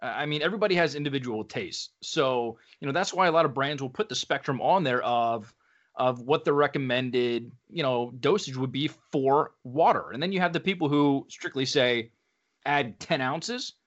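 A man's voice: medium pitch, moderate pace, highs cut off. A man hosting a casual podcast, talking in a loose, easygoing way.

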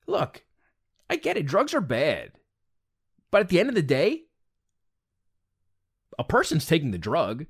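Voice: medium pitch, huge pitch swings, a little slow, long pauses, breathy edge. Blunt, exasperated ranting commentator. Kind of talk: opinion rant monologue.

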